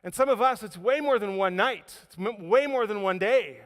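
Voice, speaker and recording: A man's voice: high voice, moderate pace. Pastor, male, preaching a sermon with dramatic dynamics; long reverb of a big room. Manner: dramatic storytelling, swings between loud emphasis and quiet near-whispers. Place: church auditorium. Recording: hall reverb.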